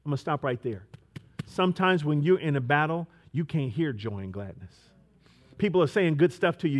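A man preaching a sermon, moving between quiet storytelling and loud, emphatic preaching with repeated rhetorical questions. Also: fairly high pitch.

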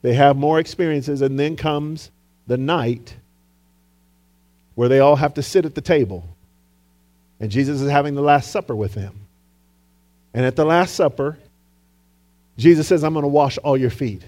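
A man's voice: on the high side, moderate pace, long pauses, darkish tone. A man preaching a sermon as pastor, telling a story in a dramatic way and calling on the congregation for responses. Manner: dramatic storytelling, acting out quotes.

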